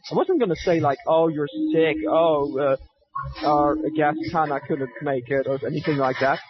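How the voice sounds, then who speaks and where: A man's voice: a little high, normal speed. A man co-hosting a casual banter podcast, rambling and self-mocking, on dull lo-fi audio. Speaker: podcast co-host. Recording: dull lo-fi stream audio with faint noise.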